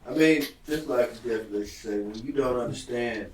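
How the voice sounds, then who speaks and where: A man's voice: medium pitch, moderate pace, darkish tone, distant mic. A man reflecting thoughtfully in a casual conversation. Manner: reflective, agreeing. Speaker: host. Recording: echoey room from afar, faint noise.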